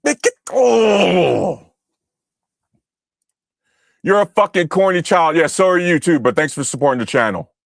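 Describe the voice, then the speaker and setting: Brief: young male streamer, high voice, angry profane rant, dry close mic. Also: expressive, fast, hardly any pauses, no room sound. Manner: angry, profane, shouting at chat. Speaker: streamer reacting to chat. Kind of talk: heated political livestream rant.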